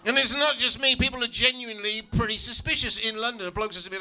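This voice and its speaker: A man performing a stand-up comedy set in a comedy club, telling stories in a lively, exasperated way with asides to the crowd. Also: very high voice, fast.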